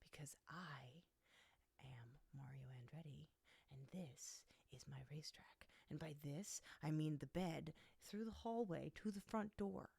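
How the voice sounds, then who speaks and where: A woman voicing her pet cat as a cocky young male, in a low breathy whisper. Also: unhurried, mellow, no echo, exaggerated voice. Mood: smug.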